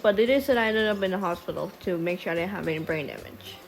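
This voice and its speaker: A woman's voice: on the low side, fast talker. A woman telling a casual storytime over a drawing video. She rambles, swears freely, wanders off on tangents and stutters at times. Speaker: storytime vlogger. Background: faint background music.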